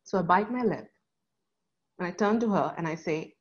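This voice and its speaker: A woman's voice: on the low side, highs cut off. A woman, telling a personal story on stage in an earnest, paced way. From South India. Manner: earnest, dramatic pauses.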